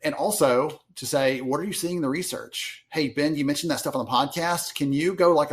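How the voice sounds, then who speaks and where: A man from Alabama with a Southern accent, a podcast guest chatting casually and acting out quoted voices as he tells stories. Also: medium pitch. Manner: animated storyteller, acts out quoted voices. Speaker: podcast guest, research analyst. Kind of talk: casual interview chat.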